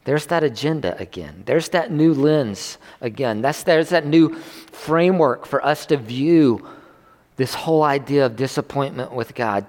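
Chatty preacher with a ringing hall. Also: male voice, mid-range voice, animated, unhurried, a little mellow. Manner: conversational, restarts, swells with emphasis. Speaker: pastor. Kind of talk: sermon. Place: church service. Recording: long hall reverb.

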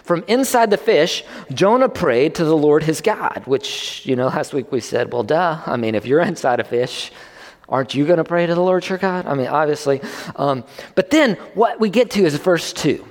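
A man preaching a sermon as a pastor, talking conversationally and pushing his pitch up to stress his points. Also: animated, moderate pace. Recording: long reverb of a hall.

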